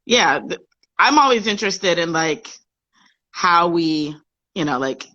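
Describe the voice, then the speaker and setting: A woman hosting a casual live stream who talks warmly, laughs often and uses many fillers. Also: lowish voice, animated, unhurried, highs cut off. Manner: warm, laughing, chatty with fillers. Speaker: host of an online live show. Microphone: phone on a live video stream.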